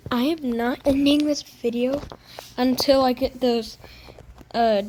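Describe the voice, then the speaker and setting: Playfully whiny high-voiced woman gamer. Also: steady tone, slow, a little mellow, a little hiss or hum, rough recording. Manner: playfully whiny, fake crying over bad loot. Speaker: gaming video creator. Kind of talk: casual gameplay commentary.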